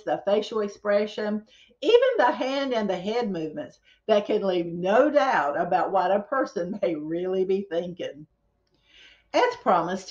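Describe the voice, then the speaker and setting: Folksy Southern woman, lively voice. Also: mid-range voice, lo-fi sound. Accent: Southern US, North Carolina. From southeastern North Carolina. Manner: folksy, chatty, playful asides. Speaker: real estate agent. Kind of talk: casual direct-to-camera vlog.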